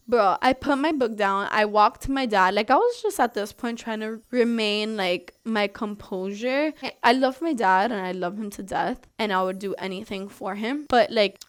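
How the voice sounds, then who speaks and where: A young adult woman vlogger telling a story in a casual, animated, exasperated way. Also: medium pitch, normal speed, hardly any pauses, smooth.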